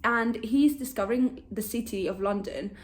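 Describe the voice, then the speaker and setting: A woman's voice: on the high side, normal speed. A young woman in her twenties chatting casually about books she is reading, bubbly and full of "like" fillers. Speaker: book vlogger. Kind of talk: casual chat.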